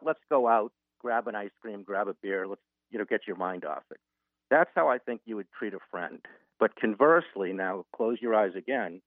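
A man's voice: lowish voice, dry recording. A man who is an author and guest, earnestly walking listeners through an example in a radio interview. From Boston. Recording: narrow phone-line sound.

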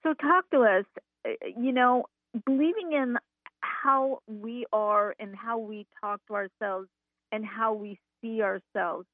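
A woman's voice: on the high side, unhurried, no echo. A woman hosting a radio talk show, chatty and enthusiastic, with fillers as she introduces her guest. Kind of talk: upbeat radio interview. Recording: narrow phone-line sound.

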